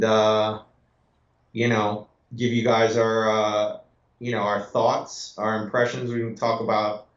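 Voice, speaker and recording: A man co-hosting a casual fantasy football podcast, talking in a relaxed, conversational way. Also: medium pitch. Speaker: podcast co-host. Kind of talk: casual sports chat. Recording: echoey, dull lo-fi sound.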